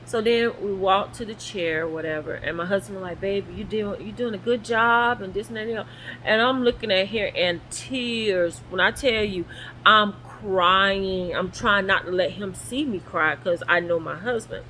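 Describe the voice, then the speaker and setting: A woman telling her own story in a casual, animated way, acting out the voices of the people in it, while sore and recovering at home. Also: mid-range voice, normal speed, a little hiss or hum, poor audio. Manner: animated, acts out quoted voices. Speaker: vlogger. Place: guest room at home.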